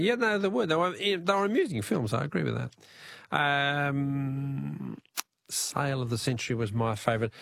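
A man's voice: mid-range voice, gravelly, a bit bright. A man with an Australian accent hosting a talkback radio quiz, easygoing and chuckling.

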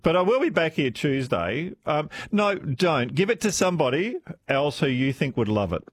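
Lively, husky radio host. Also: male voice, fairly high pitch, moderate pace, no echo. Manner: warm, laughing, chatty with callers. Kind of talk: talkback radio chat.

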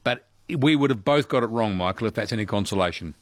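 A man's voice: lowish voice, fast, no room sound, studio quality. A man hosting a radio quiz and chatting easily with callers. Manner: chatty, easygoing, lively intonation.

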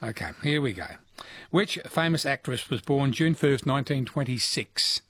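A man with an Australian accent, hosting talkback radio in a chatty, quick manner from a studio mic. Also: mid-range voice, a bit bright, husky, dry recording. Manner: chatty, quick, laughs often. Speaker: radio host.

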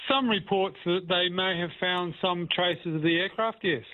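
A man calling in to a radio quiz, polite and unhurried, heard over a phone line. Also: high-pitched. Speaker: caller.

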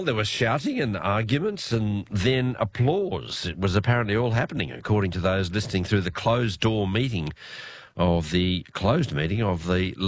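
An Australian man hosting late-night radio news, his voice hoarse from illness, chatting in a relaxed way with many fillers. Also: low voice. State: hoarse, unwell voice. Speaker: radio host.

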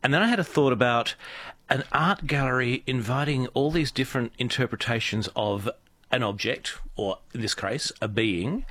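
Lively-voiced male radio co-host. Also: medium pitch, dry recording. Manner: joking, self-interrupting, laughs easily. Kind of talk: casual chat.

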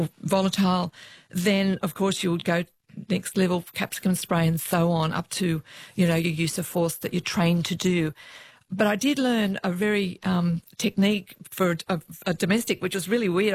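A woman, a former police officer, telling lively stories about her work in an interview. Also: fairly low pitch, no echo. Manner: lively storyteller who acts out the voices of others.

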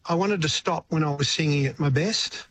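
A man's voice: fairly high pitch, normal speed, fairly bright tone, slight background noise. An older Australian man, a retired singer-songwriter, talking reflectively in a radio interview and often stumbling over his words.

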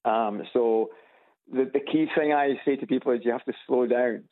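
A man's voice: mid-range voice, steady tone. Scottish man on a tinny phone line. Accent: Scottish, Edinburgh. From Scotland. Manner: halting, with many restarts and chuckles. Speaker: radio caller. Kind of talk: phone-in chat. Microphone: phone on loudspeaker.

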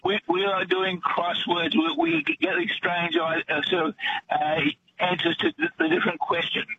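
A man with an Australian accent calling in to a radio quiz, relaxed and a bit halting. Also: high-pitched, vocal fry. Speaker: caller. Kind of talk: call-in radio chat. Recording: noisy phone line.

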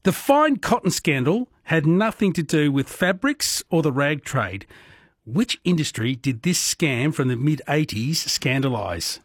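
A middle-aged Australian man hosts a late-night radio quiz, talking in a chatty, relaxed way. His voice sits slightly high and sounds dry and close on a studio mic. He fills his sentences with easy fillers. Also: measured pace, no echo. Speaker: radio host. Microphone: studio microphone.

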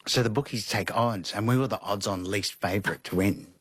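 Husky man telling stories. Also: fairly low pitch, brisk, dry recording, studio quality. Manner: animated, acts out quotes with laughs. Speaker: interview guest, costume designer. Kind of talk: conversational storytelling.

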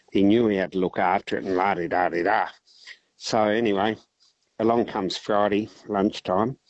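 An Australian man calling in to a radio show, telling a long joke in a relaxed, rambling way. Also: on the low side, no echo, rough recording. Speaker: caller.

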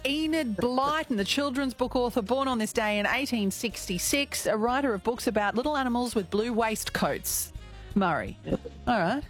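A woman's voice: a little high, expressive, normal speed, faint music behind. A woman with an Australian accent hosting a live radio trivia segment, chatty and playful. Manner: chatty, playful, laughs often. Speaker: radio host. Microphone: studio microphone.

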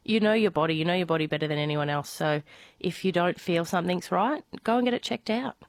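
A woman hosts a relaxed radio chat, her voice husky and nasal from a head cold. She chats easily and asks friendly questions, and the studio sound is dry and close. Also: on the low side, fast, no room sound. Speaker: radio host.

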